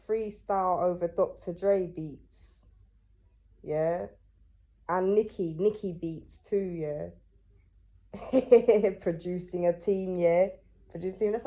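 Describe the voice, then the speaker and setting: A woman's voice: on the low side, a little mellow. A woman talking casually to the camera, asking herself questions and answering them, tagging her lines with "yeah?" and often restarting. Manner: rambling, with many restarts. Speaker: vlogger and writer. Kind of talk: casual monologue. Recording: dull lo-fi sound.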